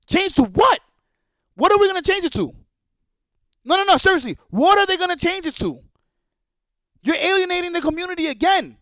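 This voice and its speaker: A man's voice: extremely high pitch, a bit bright, dry recording. A man streaming a heated, profane rant, repeating his points with anger. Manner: angry, profane, repetitive.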